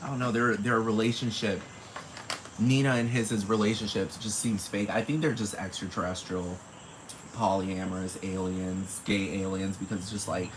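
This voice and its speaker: A solo podcast host with a lowish, level voice speaks at normal speed, rambling casually and profanely while repeating "you know what I'm talking about." There is a noisy background.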